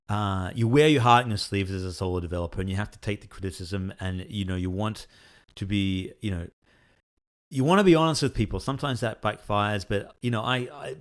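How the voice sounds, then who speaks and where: A man, a solo game developer, talking candidly and rambling with many fillers. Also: fairly low pitch. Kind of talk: casual talk to camera.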